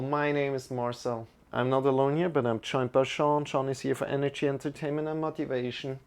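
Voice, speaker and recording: A man teaching a live-streamed yoga class, talking in an unhurried, reflective way and greeting viewers by name, with slightly non-native phrasing. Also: medium pitch, gravelly, darkish tone.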